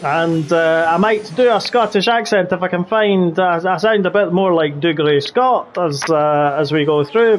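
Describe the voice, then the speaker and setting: A man's voice: sits high, moderate pace, hardly any pauses, a little hiss or hum. A young man calling a sim race live as commentator, keeping up a playful, joking patter over the action. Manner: jokey, playful running commentary.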